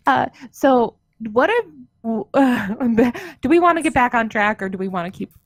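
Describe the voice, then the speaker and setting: A woman's voice: on the high side, lively intonation, normal speed, no room sound. Young woman, podcast co-host, self-mocking jokes, swearing, dry recording. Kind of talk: casual podcast chat.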